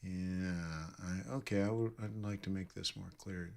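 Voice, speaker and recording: A man's voice: fairly low pitch, normal speed, gravelly, hardly any pauses, fairly bright tone. A man giving live trading commentary, thinking aloud and correcting himself as he reads numbers off charts. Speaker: forex trading streamer.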